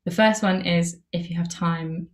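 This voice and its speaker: This instructor runs an interviewing masterclass in a lowish, steady voice at a measured pace, and the sound is roomy. Her style is laid-back and conversational, peppered heavily with "um" and "like."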